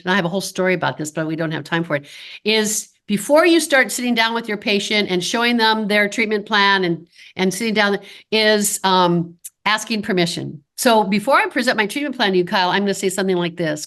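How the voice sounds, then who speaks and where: Woman, fifties, podcast guest, animated storytelling, acts out quotes, mid-range pitch. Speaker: dental practice consultant. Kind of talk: podcast interview.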